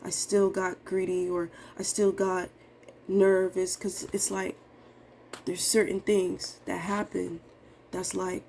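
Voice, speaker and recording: A young woman venting in a low, confessional way, rambling and dejected with casual slang. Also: little pitch movement, slow, gravelly, a little mellow, slight background noise. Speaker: vlogger day trader. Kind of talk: emotional live trading vlog.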